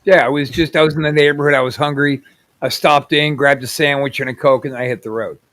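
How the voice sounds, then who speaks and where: A man's voice: on the high side, fairly even intonation, quick pace, fairly bright tone. A man co-hosting a casual podcast, ribbing his partner with crude jokes. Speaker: podcast co-host. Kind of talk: casual joking chat.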